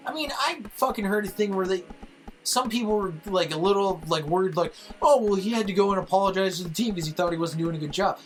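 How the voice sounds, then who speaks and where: A man's voice: a little high, fairly bright tone, low-quality recording. A young man on a casual podcast, ranting about football in a heated, profane way. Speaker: podcast co-host.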